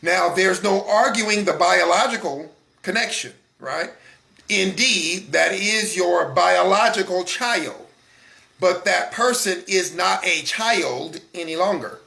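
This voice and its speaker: A man's voice: high-pitched, slow pace, vocal fry, bright, forceful tone. A man in his forties hosting a solo talk broadcast, speaking in a conversational, emphatic way with frequent fillers and restarts. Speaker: broadcast host. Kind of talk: solo talk show monologue.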